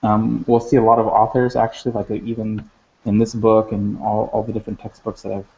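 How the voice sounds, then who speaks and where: A man teaching a language lesson, talking in a halting way with many fillers and restarts. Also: lowish voice, completely flat delivery, gravelly, dark tone, a little hiss or hum. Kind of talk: recorded lesson. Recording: dull lo-fi sound.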